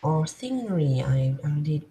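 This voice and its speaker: A woman's voice: deep voice, very animated, unhurried, dark tone, poor audio. A woman from France with a French accent, chatting casually as co-host and laughing often. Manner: laughs often, short replies. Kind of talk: casual chat.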